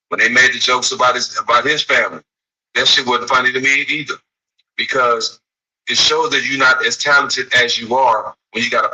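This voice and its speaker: Podcast guy, husky and sharp-toned, kinda far from the mic, keeps repeating his point. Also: mid-range voice. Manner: earnest, emphatic, repeats himself. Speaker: podcast host. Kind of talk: casual commentary.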